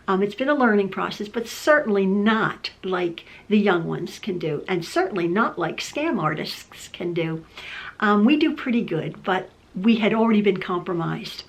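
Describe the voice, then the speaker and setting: A woman's voice: medium pitch, expressive, normal speed. Rambling older woman chatting to camera. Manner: rambling, many fillers and restarts. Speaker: quilting channel host. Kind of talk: casual chat to camera. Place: home sewing room.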